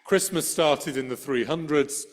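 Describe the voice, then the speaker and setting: A man's voice: fairly high pitch, a little slow. A middle-aged man giving a sermon as a priest, telling a story in a conversational way with dry humor, speaking into a church microphone.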